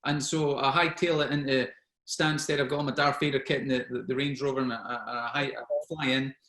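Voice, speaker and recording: Man telling animated war stories. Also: medium pitch, fairly quick, roomy sound. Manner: animated, acts out dialogue in his anecdotes. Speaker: guest speaker, former special forces soldier. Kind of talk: anecdotal storytelling at an online networking event.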